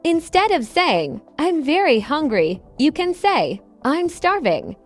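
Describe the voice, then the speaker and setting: A woman with a high, bright-sounding voice that swoops up and down a lot. She co-hosts a scripted English lesson, cheerfully explaining slang with examples. Soft music plays underneath. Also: sing-song, takes it slowly. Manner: upbeat, explains phrases with examples. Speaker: co-host and English teacher.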